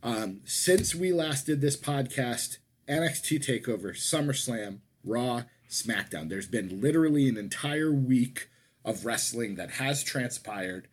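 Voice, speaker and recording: A man's voice: mid-range voice, lively intonation, measured pace, slightly rough. A man co-hosting a casual wrestling podcast, talking in a rambling way that keeps correcting itself. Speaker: podcast co-host.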